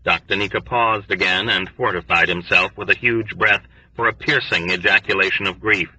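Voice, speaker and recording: A man narrating an audiobook in an expressive, lively storytelling manner. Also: deep voice, normal speed, breathy edge, no echo, recorded from a distance. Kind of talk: scripted narration. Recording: dry, dull lo-fi recording.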